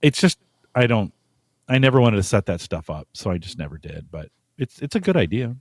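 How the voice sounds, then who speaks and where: A man co-hosting a podcast, relaxed, thinking aloud and trailing off in casual chat. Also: fairly low pitch, fairly quick, no room sound, clean studio sound. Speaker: podcast co-host.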